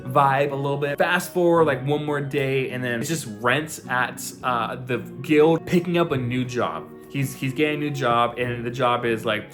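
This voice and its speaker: A man's voice: medium pitch, normal speed, few pauses, music in the background. A young man reviewing and recapping an anime in a loose, chatty, profane style, full of fillers and asides.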